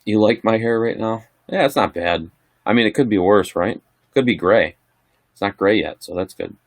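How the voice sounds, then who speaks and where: A man's voice: fairly low pitch, normal speed, no room sound. A middle-aged man casually chatting on a livestream, answering viewer questions in a rambling, laid-back way. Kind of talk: casual live chat.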